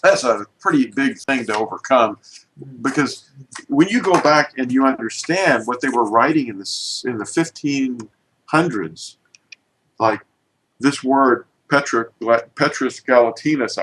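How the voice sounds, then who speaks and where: A man's voice: medium pitch, lively intonation, measured pace, a bit bright, low-quality recording. A man teaching an informal lesson, pointing at letters and explaining with emphatic, restarting speech.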